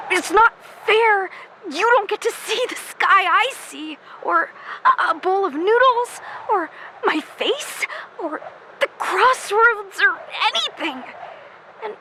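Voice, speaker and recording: A hot-tempered, lonely teen girl with fire powers, played by a woman, recording a voice-note monologue for a fan audio drama. Her voice sits very high and rings bright and sharp. She swoops widely in pitch as she chatters and answers her own questions. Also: a little hiss or hum, heavily acted. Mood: sad.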